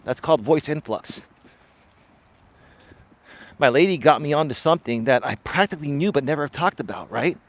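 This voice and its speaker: Expressive life coach talking on a walk. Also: male voice, moderate pace, pauses often. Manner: expressive, swinging pitch up and down, often tags "right?". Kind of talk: live-stream chat answering viewer comments. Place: outdoors on a walk.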